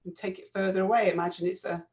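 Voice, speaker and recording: Brief: woman, mid pitch, calm explainer, casual conversational delivery. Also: fast. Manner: thoughtful, explaining, gentle fillers. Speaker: co-host. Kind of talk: casual chat.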